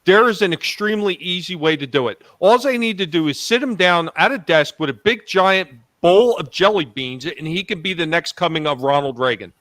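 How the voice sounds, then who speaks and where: A man co-hosting a podcast, speaking haltingly with restarts and dry jokes. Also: sits high, lively intonation, fairly bright tone. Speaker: podcast co-host. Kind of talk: casual banter.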